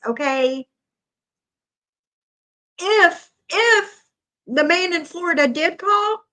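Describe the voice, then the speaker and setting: A woman's voice: high-pitched, a bit bright. A woman hosting a live stream, blunt and profane as she weighs in on an argument. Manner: blunt, profane, sides with the others.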